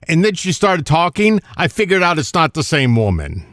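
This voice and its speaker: A man's voice: on the high side, very animated, moderate pace, few pauses, a bit bright, no echo, studio quality. A man co-hosting a radio show, telling an exasperated story with swearing and laughing at himself. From the American South. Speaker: radio co-host. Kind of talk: casual radio banter.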